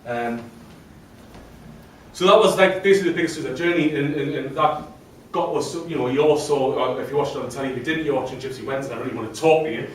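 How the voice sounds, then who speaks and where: A man's voice: mid-range voice, quick pace, slight background noise. A man telling his own story to a live audience, chatty and self-deprecating. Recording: very echoey room from a distant mic, faint ambience.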